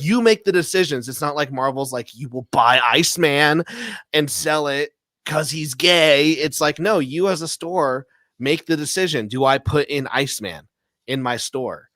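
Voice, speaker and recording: A man's voice: medium pitch, a bit bright, no echo, studio quality. A man hosting a casual live show, telling stories animatedly, acting out quotes and laughing often. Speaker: podcast host. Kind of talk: casual live-stream chat.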